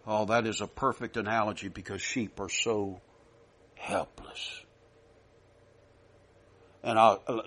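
A man preaching a sermon, emphatic, rising loud and dropping soft, repeating himself often. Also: fairly low pitch, steady tone, slow, pauses often.

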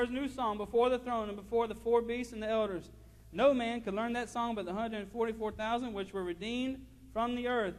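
A male pastor preaching a fervent sermon in a church, repeating his phrases and reading scripture aloud. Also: very high voice. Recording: long hall reverb.

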